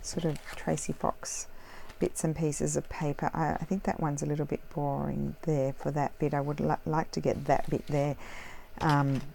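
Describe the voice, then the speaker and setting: A woman with a notably low voice chats her way through a crafting tutorial in her home craft room. She rambles and corrects herself as she goes, trailing off into asides. Her low, relaxed delivery suits the easy, unscripted tone of the session. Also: moderate pace, vocal fry, slight background noise. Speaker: crafting vlogger. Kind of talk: casual crafting tutorial chat.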